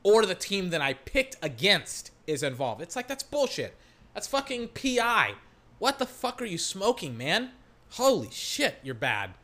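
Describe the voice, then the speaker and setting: A football fan calls a game live and rants at the officials, cursing often. The voice is bright and sharp, and the delivery jumps between quick play-by-play and loud, heated yelling. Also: medium pitch, big pitch swings. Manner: profane, ranting, yelling at referees. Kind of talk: live game reaction commentary.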